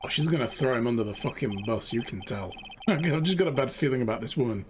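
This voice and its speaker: A man's voice: mid-range voice, expressive, fast, a little hiss or hum. A man streaming a video game, chatting casually and joking as he plays, swearing freely. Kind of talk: let's play commentary. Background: video game music.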